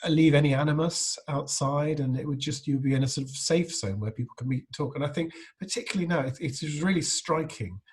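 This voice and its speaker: A man's voice: a little high, fairly quick, hardly any pauses, husky. A middle-aged man, a guest impressionist, telling anecdotes in casual interview chat, rambling with frequent restarts.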